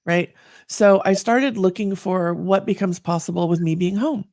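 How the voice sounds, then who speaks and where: A woman guest telling her story in a candid conversation, earnest and animated. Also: fairly low pitch, normal speed, no room sound, clean studio sound.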